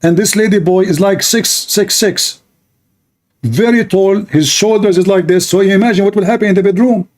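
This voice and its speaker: A man's voice: sits high, moderate pace. A middle-aged man hosting an apologetics show, delivering scornful, sarcastic commentary full of rhetorical questions. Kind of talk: mocking religious commentary.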